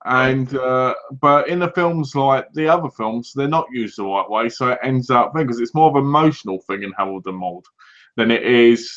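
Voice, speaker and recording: A man's voice: mid-range voice, moderate pace, fairly bright tone, muffled recording. A man co-hosting a casual livestream chat, rambling and laughing often. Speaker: co-host.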